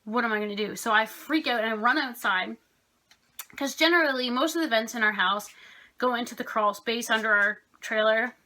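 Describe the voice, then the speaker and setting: Bright, chatty young woman vlogger. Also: on the high side, moderate pace. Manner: rambling, lots of fillers, excitable. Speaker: craft vlogger. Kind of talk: casual chatty storytelling.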